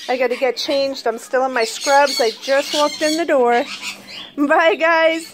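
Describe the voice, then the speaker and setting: A woman's voice: high voice, fairly even intonation, normal speed, background noise. A woman vlogging at home, talking in a sing-song baby-talk voice to her pet birds. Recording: loud bird squawks behind. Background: squawking parrots.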